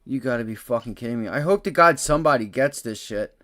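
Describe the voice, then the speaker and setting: A man calls out trades live on stream, cursing freely and talking straight to his viewers. His voice sits at an ordinary middle pitch. He drops to frustrated grumbles and then jumps into loud, excited bursts. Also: fast. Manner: profane, blunt, excitable, swings from muttering low to loud bursts. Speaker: livestream day-trading host. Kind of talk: live trading commentary.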